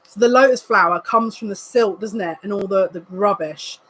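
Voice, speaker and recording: A woman, a psychic reader, giving a live card reading to viewers in an excitable, emotional way, full of quick asides. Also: medium pitch, a little hiss or hum, poor audio.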